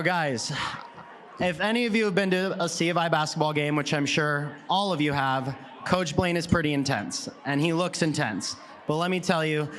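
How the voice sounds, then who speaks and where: A man with a somewhat high voice emcees a gala, pitching the next auction item with an upbeat, joking manner. A faint background hum from the hall is audible. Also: fairly bright tone. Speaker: event emcee. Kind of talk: hosting a live event.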